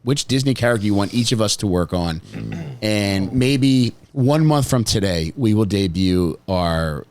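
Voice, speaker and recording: Laid-back low-voiced teasing man. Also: lively intonation, a little slow. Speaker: podcast co-host. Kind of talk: casual comedic banter.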